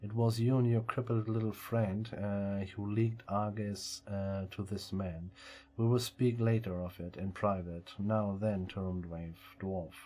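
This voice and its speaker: Guy reading a stern rich old dad, formal and bossy, low mellow voice. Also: natural voice. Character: stern wealthy older father, commanding.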